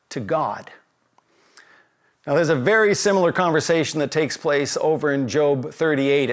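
A man from Canada delivers a sermon in a fairly high voice for a man. He is earnest and leans on rhetorical questions, slowing down when he reads passages aloud. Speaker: pastor.

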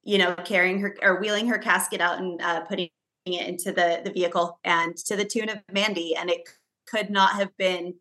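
A woman's voice: lowish voice, steady tone, normal speed, pushed and bright. A woman co-hosting a casual talk show, telling a long story with many fillers and restarts. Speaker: podcast co-host. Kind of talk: casual chat.

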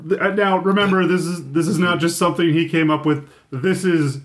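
A man's voice: on the high side, fairly even intonation, a little fast. A man co-hosting a podcast in casual chat, talking loosely with frequent laughs and restarts. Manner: chatty, laughs often, restarts sentences. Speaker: podcast co-host.

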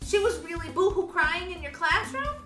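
A woman's voice: extremely high pitch, expressive, moderate pace, bright, forceful tone, reverberant, recorded from a distance, faint music behind. A woman co-hosting a casual podcast, telling stories and acting out quotes expressively. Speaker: podcast co-host. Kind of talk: casual chat.

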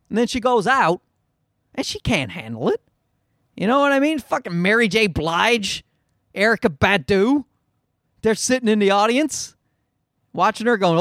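A man's voice: high voice, lively intonation, moderate pace, pauses often, fairly bright tone, no room sound, clean studio sound. A man hosting a comedy podcast, riffing in a rambling, profane, self-mocking monologue. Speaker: podcast host.

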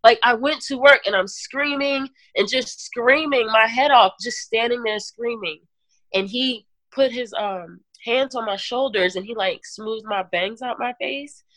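A woman guest giving an earnest personal testimony in an interview, talking in halting runs with restarts and fillers. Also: on the high side, a bit bright, dry recording. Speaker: podcast guest.

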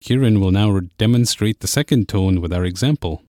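A man teaching a language lesson, explaining clearly and patiently. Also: fairly low pitch, fairly quick, warm tone, dry recording, clean studio sound. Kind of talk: scripted lesson narration.

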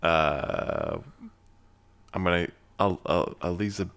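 Guy with a lowish voice in a movie chat, kinda hesitant, trips over names and restarts a lot. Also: huge pitch swings, slow pace, gravelly, fairly bright tone. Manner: hesitant, searches for words. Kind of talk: casual movie review chat.

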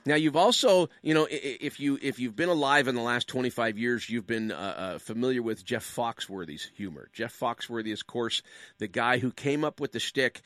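A Canadian man in his late fifties tells stories and jokes in an animated way, swinging his pitch up and down and throwing in rhetorical questions. His voice is bright and forceful. It sounds dry and close, with no room echo. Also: brisk. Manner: animated, jokey, full of rhetorical questions and asides. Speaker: public speaker. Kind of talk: humorous storytelling monologue.

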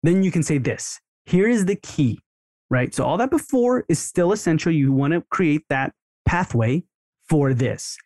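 In a casual instructional podcast, a man coaches dental teams on marketing, chatting and role-playing sample conversations in a raised voice. His voice is a little high, a little mellow, and animated but slightly slow. The studio sound is clean, with no echo.

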